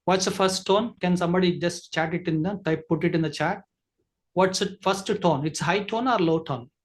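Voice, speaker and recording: Man, high-pitched voice, communication trainer, online masterclass, explanatory, filler-heavy. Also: moderate pace. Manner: explanatory, many fillers and restarts.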